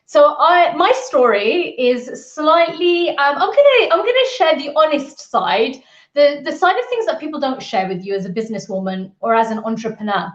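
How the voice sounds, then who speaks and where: Animated high-voiced woman on a roomy call. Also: moderate pace. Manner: candid, energetic, storytelling with acted quotes. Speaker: guest speaker, business mentor. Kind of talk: virtual event talk. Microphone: video call. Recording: roomy, slightly dull audio.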